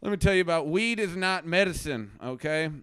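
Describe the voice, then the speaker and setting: A man's voice: fairly high pitch, lively intonation, a little fast, clean tone, dry recording, studio quality. A man playing a blustering anti-drug crusader. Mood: indignant. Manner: ranting, preachy, swings between mutters and loud outbursts. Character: blustering self-righteous male anti-drug crusader doctor. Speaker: host. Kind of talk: satirical live-stream rant. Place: home basement.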